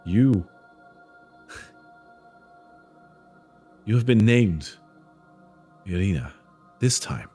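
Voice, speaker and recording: A man's voice: on the low side, animated, extremely slow, long pauses, mellow, slightly rough, faint music behind, full character voice. A man voicing a lovesick male ghost who speaks solemnly and formally. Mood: mournful.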